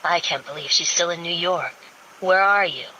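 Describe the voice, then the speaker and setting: A woman's voice: fairly low pitch, moderate pace, bright, forceful tone, slight background noise, rough recording. A woman voicing a tense, lovesick billionaire man who sounds strained and urgent.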